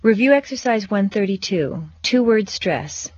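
A woman teaching English pronunciation, reading set phrases and sentences with slow, deliberate, exaggerated stress for learners to repeat. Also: mid-range voice, very animated, no room sound, muffled recording. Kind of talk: scripted pronunciation drill.

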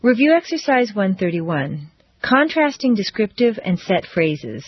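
A woman teaching English pronunciation, reading drill phrases slowly and deliberately with careful stress. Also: medium pitch, big pitch swings, husky, no echo, highs cut off.

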